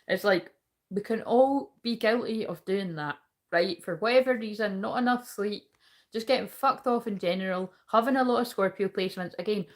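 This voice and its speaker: A woman giving a livestreamed tarot reading, chatting casually with her viewers and swearing freely. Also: mid-range voice. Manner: talks to viewers and chat while reading cards. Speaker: tarot reader.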